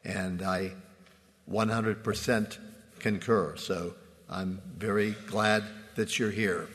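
Slow-preaching man in a reverberant church. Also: fairly low pitch. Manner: slow, measured preaching with frequent uh fillers. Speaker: pastor. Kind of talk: Good Friday sermon. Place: church sanctuary.

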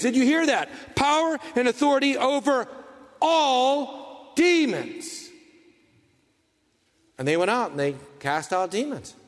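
Male preacher, high voice, dramatic delivery, long hall echo. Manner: dramatic, swings from hushed to fervent. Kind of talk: sermon.

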